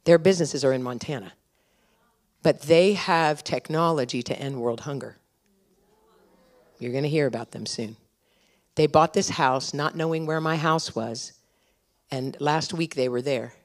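Animated middle-aged woman preaching. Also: deep voice, a little slow, long pauses. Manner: animated storytelling, laughing at her own stories; urgent and exhorting. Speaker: conference speaker. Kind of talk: sermon.

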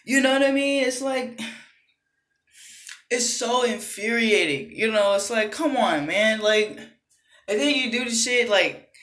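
A woman delivers a furious, profanity-laced rant straight to camera, tossing in "you know what I mean" again and again. Her voice sits high, and the room around her rings with echo. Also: unhurried, long pauses, a bit bright. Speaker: vlogger. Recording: echoey room.

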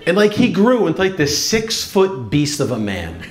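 A man's voice: on the high side, huge pitch swings, moderate pace. A man in his forties doing a conversational stand-up routine on a comedy club stage. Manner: conversational, lots of "like". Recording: echoey club with a laughing crowd.

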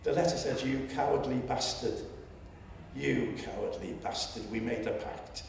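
Seventies Liverpool man, gravelly, public speech, roomy distant hall sound. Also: mid-range voice, normal speed, slight background noise. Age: 70s. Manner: storytelling, rising to loud indignation. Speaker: public meeting speaker. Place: lecture hall. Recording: echoey hall, distant mic.

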